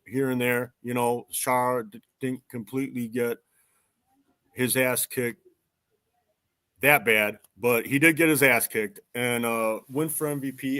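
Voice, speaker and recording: A man's voice: mid-range voice, a bit bright, dry recording. A man hosting a casual sports chat, rambling and correcting himself as he talks. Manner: rambling, self-correcting, chatty. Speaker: podcast host.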